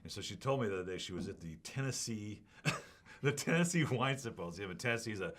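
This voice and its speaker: A man's voice: lowish voice, expressive, fast talker, fairly bright tone. A man hosting a wine tasting show, chatting casually and telling rambling, enthusiastic stories about wines and importers.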